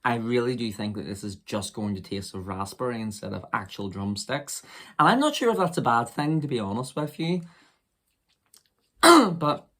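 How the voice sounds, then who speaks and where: A young man chatting to camera while reviewing a drink, rambling with lots of fillers, his voice husky from a summer cold. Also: medium pitch, lively intonation, fairly quick, fairly bright tone.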